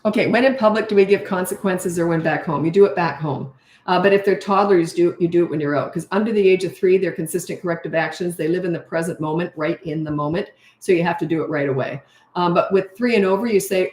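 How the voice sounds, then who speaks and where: A middle-aged parenting coach gives advice in a casual, blunt way, acting out the dialogue she quotes. Her voice is lowish and a little mellow, her pace quick, and the room is echoey.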